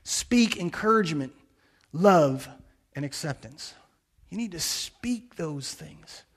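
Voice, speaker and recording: Man, middle-aged, pastor, sermon, earnest storytelling, high voice. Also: animated, slow. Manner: earnest storytelling with quoted blessings.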